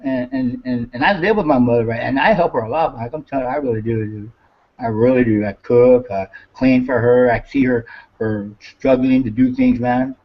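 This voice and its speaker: A man's voice: medium pitch, normal speed. A man, chatting casually, rambling and swearing, repeating himself as he talks. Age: 50s. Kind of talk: casual chat. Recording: dull lo-fi recording.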